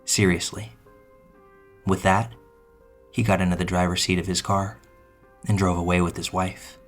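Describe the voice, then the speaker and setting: A man reading a true first-person story aloud in measured, scripted narration. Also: deep voice, flat delivery. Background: faint music.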